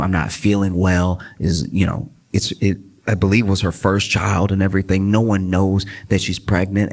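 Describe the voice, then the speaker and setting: A male stand-up comedian telling a rambling, self-deprecating story on a live stage. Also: low-pitched. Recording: live audience laughter and noise.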